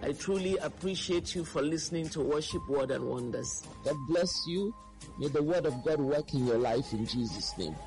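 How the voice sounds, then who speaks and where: A woman giving closing announcements for a radio program, slow and deliberate. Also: sits low, expressive. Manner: slow, deliberate, spelling things out. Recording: music playing underneath.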